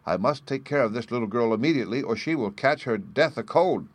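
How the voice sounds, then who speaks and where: No-nonsense dad in a storybook, firm and loud-ish man reading it. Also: medium pitch, animated, fairly quick, dry recording, voice pushed up, natural voice. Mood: brusque. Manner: brusque and firm. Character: hearty, common-sense father, half vexed.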